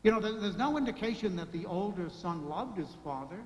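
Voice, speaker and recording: High-voiced man preaching in echoey church. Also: animated, a little fast, a little mellow. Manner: repetitive emphatic lists and rhetorical questions. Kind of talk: sermon. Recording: echoey hall reverb, faint ambience.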